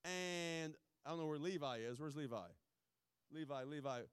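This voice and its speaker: A pastor giving informal, joking remarks before a sermon, rambling with many restarts. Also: male voice, on the high side, normal speed, clean tone, no echo, studio quality.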